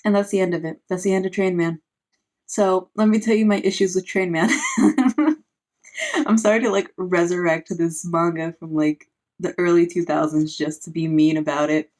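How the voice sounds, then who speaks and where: A woman's voice: fairly low pitch, fairly even intonation, normal speed, a little mellow. Woman, sarcastic, casual book recap, lots of filler words. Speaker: book reviewer; parent.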